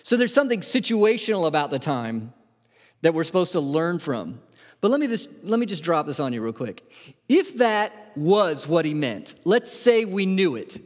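A man's voice: fairly high pitch, sing-song, moderate pace. A man preaching a conversational sermon as pastor, asking his listeners many rhetorical questions and often restarting words. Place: church sanctuary. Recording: long hall reverb.

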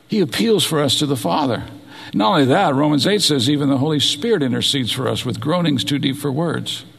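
A middle-aged man preaches in a church sanctuary, retelling scripture with animated, dramatic emphasis. His voice is gravelly and husky. The sound carries a long reverb from the large hall. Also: mid-range voice. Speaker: pastor. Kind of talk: sermon.

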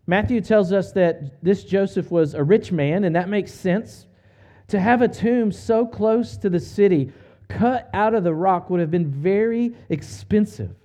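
A man preaching a sermon, retelling a story in an earnest, measured way with slow, emphatic pauses. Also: high voice, warm tone. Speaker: pastor.

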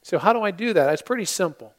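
Preaching in a church sanctuary at Christmastime, this man speaks in a high, expressive register. His tone is earnest, he leans on dramatic pauses, and he voices the characters of the story he tells.

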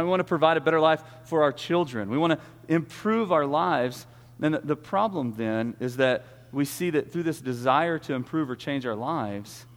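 A man preaching an earnest sermon, often restarting his words. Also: fairly high pitch. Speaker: pastor. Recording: long hall reverb.

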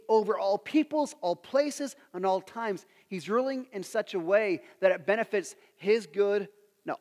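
Animated high-voiced preacher in a hall. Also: male voice. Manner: animated, acts out the story's characters. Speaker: pastor. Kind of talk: sermon.

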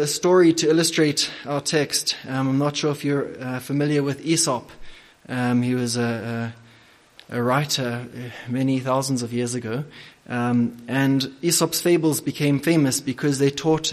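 A man preaching a sermon and leading prayer, speaking deliberately with frequent hesitations. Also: medium pitch, fairly even intonation.

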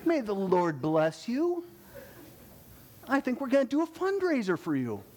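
A man preaching voices an imagined parent who cheerfully blesses a child's risky calling, high and drawn out in a sing-song way. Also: wildly swooping pitch, unhurried, a little mellow, full character voice. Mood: mock-cheerful. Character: cheerfully approving parent, mock-sweet.

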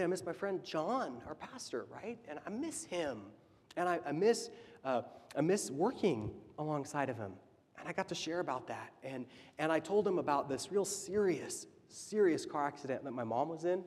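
A man in his thirties, a church leader, telling stories in a casual, animated sermon. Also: fairly high pitch. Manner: animated, chatty storytelling. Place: church sanctuary. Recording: reverberant church hall.

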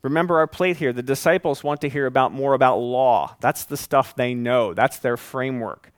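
A man preaching a sermon as pastor, conversational and animated, with folksy asides. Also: medium pitch, no room sound.

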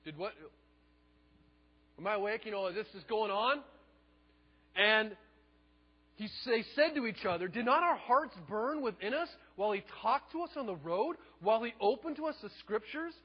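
A man preaching a sermon, telling the story in a lively way and acting out the quotes. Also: high voice, moderate pace, long pauses, slightly rough, long reverb tail, dull audio. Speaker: pastor.

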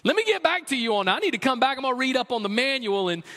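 A man's voice: very high voice, big pitch swings, rapid-fire, a bit bright, long reverb tail, pitched above the performer's own voice, full character voice. A man preaching a sermon voices God as a baffled, casual guy with playful, exaggerated surprise. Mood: bemused.

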